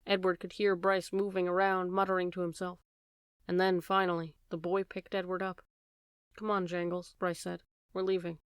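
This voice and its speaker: A woman reading a children's novel aloud with steady, gentle narration. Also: mid-range voice, clear, resonant tone, dry recording, studio quality. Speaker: audiobook reader. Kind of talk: storybook narration.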